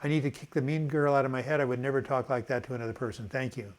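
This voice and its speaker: A man's voice: mid-range voice, steady tone, racing. An older man hosting a casual live video chat, reading out viewer comments in a loose, rambling way with many fillers.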